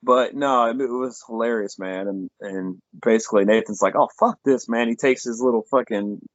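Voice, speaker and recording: Podcast co-host, male, low voice, loose rambling plot recap with cursing, dull dry lo-fi sound. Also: normal speed, no room sound. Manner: rambling retelling with acted-out quotes, swears freely. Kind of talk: casual film review chat.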